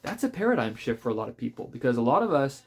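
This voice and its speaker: A man, a pastor, reviewing a book in a relaxed spoken way, thoughtful and conversational, with frequent fillers and restarts. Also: mid-range voice, fast talker, vocal fry, a little hiss or hum.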